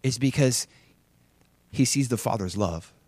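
A middle-aged man preaching a sermon as a pastor, swinging from impassioned exhortation to quiet personal storytelling. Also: medium pitch, animated, measured pace, husky, no echo.

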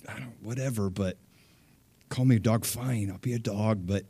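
A man voicing a humble pleading mother, speaking softly with a resigned, wry tone. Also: on the low side, normal speed, slightly rough, dry recording, studio quality.

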